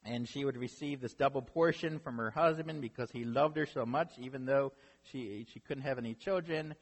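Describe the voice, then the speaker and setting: Pastor preaching in a reverberant hall. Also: male voice, medium pitch, normal speed. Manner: conversational storytelling, often asks "right?" to the audience. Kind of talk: sermon.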